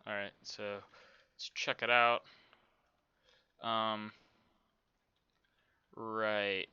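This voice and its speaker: Slow, rambling man with a bright voice. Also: lowish voice, level tone, clear, resonant tone, no room sound, dull audio. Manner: rambling, self-talking, many fillers. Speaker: game development tutorial host. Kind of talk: casual screen-recorded tutorial.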